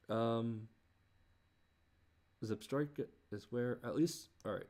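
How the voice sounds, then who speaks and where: A man thinking aloud while he composes, muttering in halting restarts and groaning at himself. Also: medium pitch, vocal fry, darkish tone. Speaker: creator working on a song.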